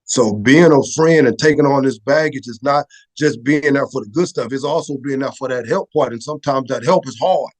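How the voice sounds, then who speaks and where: A man's voice: mid-range voice, fairly quick. A middle-aged man, a former Air Force photographer, telling a personal story as a podcast guest, conversational and often asking "right?". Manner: conversational, repeats "right?" and restarts words. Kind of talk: emotional storytelling in an interview.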